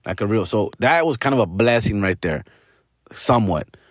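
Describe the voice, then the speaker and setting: A man's voice: fairly low pitch, lively intonation, moderate pace, no echo, studio quality. A young man, a podcast host telling a comedic story in a profane, rambling way, dropping Spanish slang.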